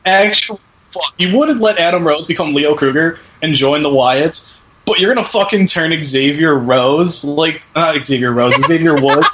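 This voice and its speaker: A man's voice: on the high side, pushed and bright, a little hiss or hum, poor audio. A man co-hosting a podcast in casual chat, rambling, swearing and laughing between thoughts. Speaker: podcast co-host.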